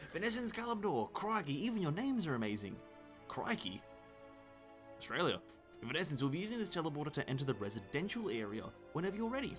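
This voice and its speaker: An excitable little rabbit-like moon creature chatters in a raised, fussy voice, as a man puts it on while reading game text aloud. Its lines rise and fall eagerly. Faint music plays underneath. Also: fairly high pitch, voice pushed up. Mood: excited.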